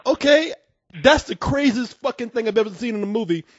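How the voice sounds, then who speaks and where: A man hosting a casual call-in show, an excitable storyteller who acts out scenes with loud bursts. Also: very high-pitched, fast, dry recording, highs cut off.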